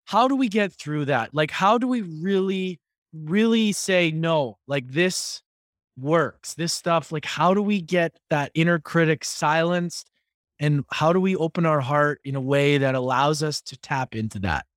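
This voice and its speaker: Podcast host, man, casual and rambling, a bit high-pitched, close dry mic. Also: a little slow, fairly bright tone, dry recording. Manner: rambling, many fillers and restarts. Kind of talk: casual interview question.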